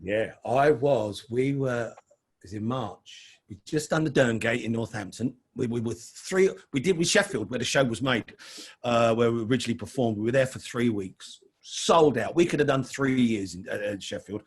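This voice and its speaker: A man's voice: mid-range voice, lively intonation, moderate pace, slightly rough. A middle-aged man, telling stories as an interview guest in a chatty way. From London. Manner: chatty, calls the host mate. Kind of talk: casual storytelling.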